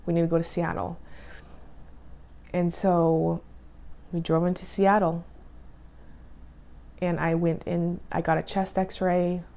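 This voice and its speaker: A woman in her thirties tells her own life story to the camera, her voice low and gravelly. She recounts it with feeling and acts out the dialogue as she goes. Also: slow pace, pauses often. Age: 30s. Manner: emotional, animated retelling with quoted dialogue. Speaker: vlogger. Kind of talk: personal storytelling.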